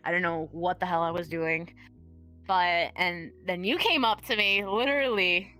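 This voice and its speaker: A woman's voice: lowish voice, normal speed, pushed and bright, soft background music. A young adult woman, a guest dancer, chatting candidly in an interview, laughing often and swearing casually.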